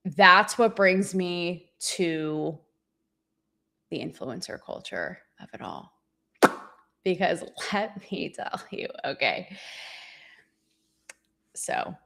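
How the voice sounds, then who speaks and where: A woman hosting her show, talking candidly in a profane, animated, rambling and self-mocking way. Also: medium pitch. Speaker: show host. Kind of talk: candid livestream monologue.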